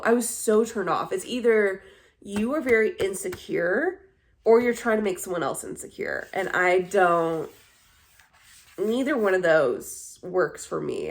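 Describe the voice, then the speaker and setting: A woman's voice: medium pitch, gravelly. A young adult woman chatting casually on her vlog, telling dating stories in a candid, blunt way and swearing freely. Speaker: vlogger. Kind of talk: casual chat.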